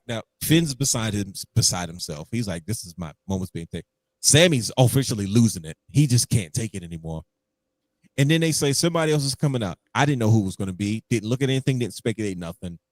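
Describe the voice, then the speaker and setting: A man's voice: lowish voice, expressive, fast talker, dry recording. A man co-hosting a podcast in casual chat, telling stories animatedly and acting out his own reactions. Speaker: podcast co-host.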